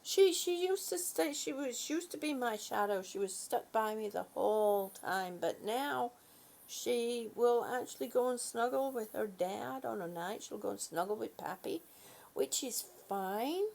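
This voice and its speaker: A woman's voice: a little high, animated, measured pace, vocal fry, darkish tone. A woman vlogger in a casual morning chat, affectionately greeting viewers and fussing over her dog.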